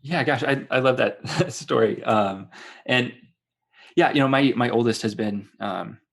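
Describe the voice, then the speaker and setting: A man's voice: medium pitch, measured pace, creaky. A man in his thirties, a father and podcast guest, speaking earnestly and hesitantly with many fillers. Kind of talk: casual podcast conversation.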